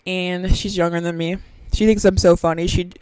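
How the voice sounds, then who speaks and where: A young woman hosting a casual solo podcast, talking in an animated, silly, excitable way with sudden squeals. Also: lowish voice, normal speed, clear, resonant tone, dry recording. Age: young adult. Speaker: podcast host.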